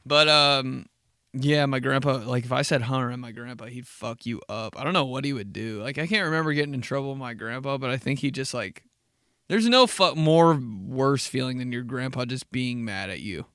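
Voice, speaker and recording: A man's voice: medium pitch, normal speed, a bit bright, clean tone, no room sound, clean studio sound. A man hosting a casual solo podcast, telling stories in a laid-back, profane way with frequent laughs. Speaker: podcast host.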